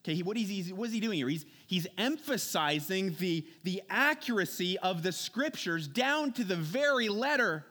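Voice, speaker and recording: A man's voice: sits high, animated, normal speed, few pauses, sharp tone. A man preaching a conversational sermon, earnest, posing rhetorical questions and repeating key words.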